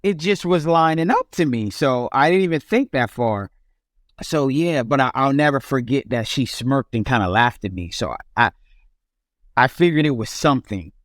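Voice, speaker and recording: A man's voice: mid-range voice, no room sound. Young man, podcast guest, casual storytelling, stops and restarts often, dry close sound. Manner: halting, frequent restarts and fillers.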